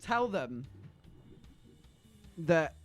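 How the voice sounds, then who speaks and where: A man streaming live, telling his chat a story in a bright, high voice that leaps up and down. He laughs easily and teases his viewers. Faint music plays behind him. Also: extremely slow. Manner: animated, laughing, teasing the chat.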